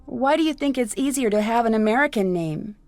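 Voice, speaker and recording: Curious girl detective, dry close studio sound, slightly high. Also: fairly quick, no echo, faint music behind. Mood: inquisitive. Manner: inquisitive, even questioning. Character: curious young woman detective. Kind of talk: video game voice acting.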